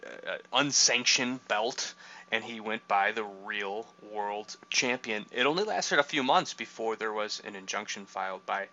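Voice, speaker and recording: Man, casual chat host, bright sharp tone, lower voice, dull lo-fi sound. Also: normal speed. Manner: knowledgeable, explains at length with fillers. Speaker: podcast host.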